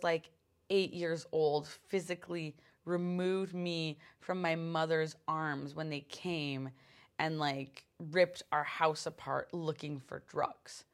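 A young woman hosting a podcast, telling a personal story in a rambling, animated way, full of filler words and swearing. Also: lowish voice. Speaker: podcast host. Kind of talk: casual storytelling.

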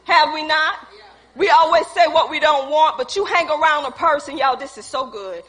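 A woman preaches a lively sermon, laughing and calling out to the people in front of her. Her voice sits very high and bright. A long reverb from the church hall trails behind her words. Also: normal speed. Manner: calls out to the congregation, laughing, playful.

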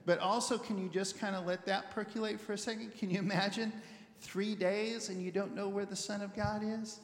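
A male pastor gives a conversational sermon in a loose, animated storytelling style, fairly quick, often restarting and repeating words as he thinks aloud. His voice sits fairly high, and the roomy church-hall recording has a long reverb tail.

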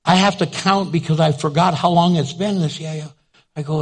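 A man's voice: a little high, moderate pace. An older man preaching a sermon as pastor, telling stories and acting out the people in them. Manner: animated, acts out the people in his stories. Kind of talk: storytelling sermon.

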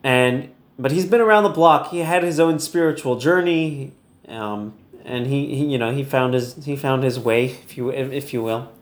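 A man's voice: medium pitch, normal speed, echoey room. A man teaching an online Torah lesson in a casual, chatty storytelling manner, laughing easily.

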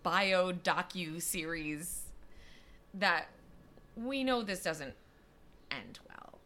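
Chatty young woman with a bright tone. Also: on the low side, lively intonation, slight background noise. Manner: chatty, lots of fillers and quick asides. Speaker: podcast co-host telling a story. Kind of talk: casual chat.

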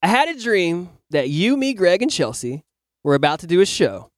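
A man hosting a podcast in casual chat, animated as he acts out his own lines and swears freely. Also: sits high, moderate pace, dry recording, clean studio sound. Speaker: podcast host. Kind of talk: casual chat, telling a dream.

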